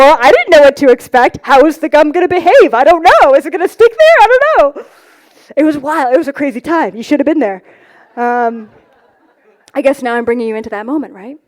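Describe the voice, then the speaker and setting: Woman, high voice, spiritual teacher on an expo stage: lively, profane, self-mocking. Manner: animated, swearing, self-mocking, laughs often. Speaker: spiritual teacher giving a talk.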